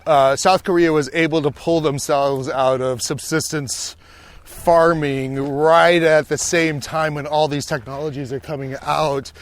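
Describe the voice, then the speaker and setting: A man hosting a casual podcast conversation. He thinks aloud, restarts his sentences, and swears freely, and his voice sits a little higher than most men's. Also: steady tone, measured pace, no echo. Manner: rambling, profane, many fillers and restarts. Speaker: podcast host.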